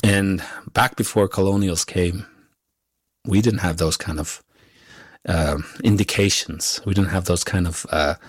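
A male musician, a guest whose first language is Inuktitut, answering interview questions haltingly with many pauses and fillers. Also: deep voice, fairly even intonation, husky, dry recording, clean studio sound.

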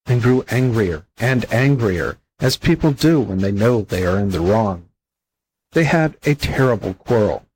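A man reading a children's fable aloud as a volunteer audiobook narrator, calm and unhurried. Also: medium pitch, breathy edge, low-quality recording. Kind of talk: storybook narration.

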